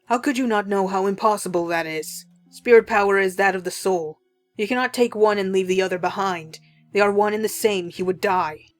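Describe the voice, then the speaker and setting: An exasperated, formal male spirit, read by a woman, scolds in loud, clipped phrases. Soft game music plays faintly beneath him. His pitch stays middling. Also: fairly even intonation, brisk, natural voice. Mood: scolding.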